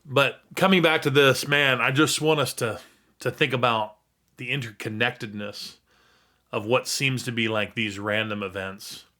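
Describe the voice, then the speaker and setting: A man's voice: medium pitch, fairly even intonation, normal speed, bright, forceful tone. A man hosting a faith reaction video, speaking in an earnest, heartfelt, rambling way.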